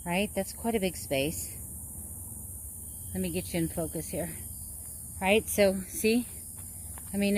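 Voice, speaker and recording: Chatty lower-voiced woman vlogging. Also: a little hiss or hum. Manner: chatty, rambling, self-correcting. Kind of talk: casual chat.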